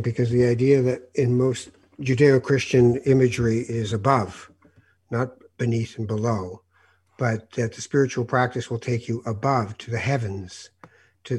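Man, interviewer, husky voice, thoughtful, musing. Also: mid-range voice, steady tone, unhurried, darkish tone. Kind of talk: conversational interview.

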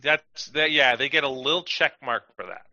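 Bright-voiced man in casual podcast chat. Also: mid-range voice, moderate pace, creaky, dry recording, highs cut off. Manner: chatty, rambling, lots of fillers and acted-out quotes. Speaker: podcast co-host.

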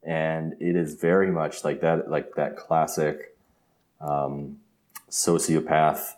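A man's voice: a bass voice, little pitch movement, takes it slowly, darkish tone, echoey room. A man co-hosting a podcast, recapping an episode in a rambling, casual way and laughing often. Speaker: podcast co-host.

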